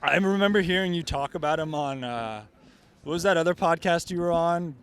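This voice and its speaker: A man's voice: fairly high pitch, a little fast, clean tone. A man hosting a podcast from a canoe, chatting in an easygoing, teasing way and laughing readily. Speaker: podcast host. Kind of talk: casual podcast chat. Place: in a canoe outdoors.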